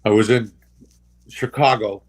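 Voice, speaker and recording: An older man, a special guest, telling personal stories in a casual, halting way, often pausing and restarting, and tending to get emotional. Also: on the low side, steady tone. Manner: halting, with many pauses and restarts; gets emotional while recovering. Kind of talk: casual anecdotal storytelling.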